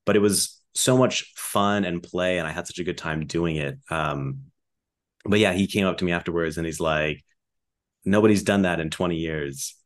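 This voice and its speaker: Guy with a really low voice, talking loose and candid, kinda self-deprecating. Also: normal speed. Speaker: podcast guest. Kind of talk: casual chat.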